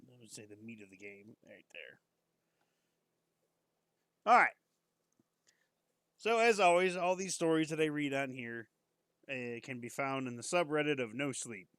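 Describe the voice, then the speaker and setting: A man's voice: mid-range voice, a bit bright, no room sound. A man streamer reading a horror story aloud on a live stream, casual and breaking off now and then to joke and comment.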